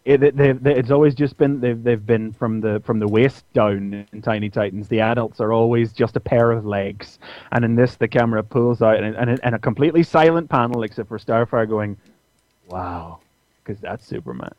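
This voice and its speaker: A man's voice: brisk, no room sound. A man co-hosting a podcast, casually retelling a comic with many restarts and fillers. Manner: animated retelling, puts on squeaky voices for characters. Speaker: podcast co-host reviewing comics. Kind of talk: casual chat. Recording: dry, dull lo-fi audio.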